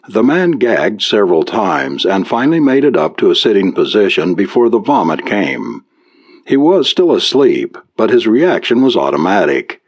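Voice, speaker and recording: A man narrating an audiobook in a measured, expressive reading. His voice sits very low yet moves in lively swings of pitch. He lets descriptive passages unfold at a steady storytelling pace.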